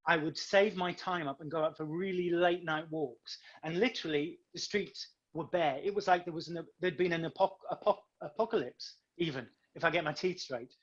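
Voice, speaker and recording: A man's voice: on the high side, normal speed, few pauses, highs cut off. A British man, a singer guest on a radio show, chatting with a self-deprecating sense of humor. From United Kingdom. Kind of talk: casual interview.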